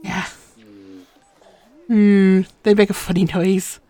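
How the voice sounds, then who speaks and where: A woman's voice: mid-range voice, little pitch movement, slow pace, warm tone. A woman casually commenting on her live game stream, muttering instructions to herself as she plays. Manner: chatty, muttering instructions to herself while playing.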